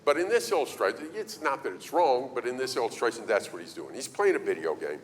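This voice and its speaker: Animated male preacher in a reverberant hall. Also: mid-range voice, quick pace, a little hiss or hum. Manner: animated storytelling, acting out quoted voices. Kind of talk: sermon on parenting. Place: church hall. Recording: reverberant hall, faint ambience.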